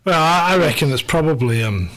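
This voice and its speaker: A man co-hosting a casual live chat with a teasing, easygoing manner. He laughs easily, and his voice sits a touch higher than most men's. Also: expressive, brisk, a bit bright. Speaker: co-host.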